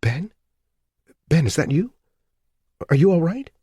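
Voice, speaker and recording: A man's voice: fairly high pitch, sing-song, measured pace, mellow, slightly rough, no room sound, studio quality, voice pushed up, exaggerated voice. A man voicing a frightened, worried young wife in an audiobook reading. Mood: anxious. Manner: wary, anxious, pleading.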